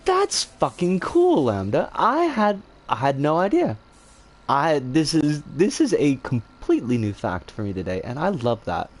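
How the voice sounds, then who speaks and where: A woman livestreamer chatting casually and reacting to her chat, animated and exclamatory, rambling and self-deprecating, swearing freely. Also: low-pitched, unhurried.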